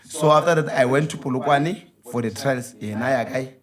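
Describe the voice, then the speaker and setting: A man, a guest footballer, recounting his career in lively, code-switched chat. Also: mid-range voice, brisk, a crowd in the background. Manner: animated, code-switching between English and Sotho. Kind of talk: casual chat.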